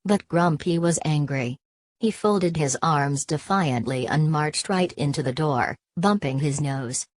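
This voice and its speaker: A woman narrating a children's storybook in an even, scripted reading voice. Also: low-pitched, unhurried, no room sound.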